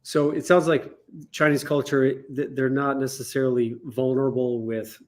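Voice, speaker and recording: A man hosting an interview, asking measured, somewhat hesitant questions with fillers. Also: mid-range voice, little pitch movement. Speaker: interview host.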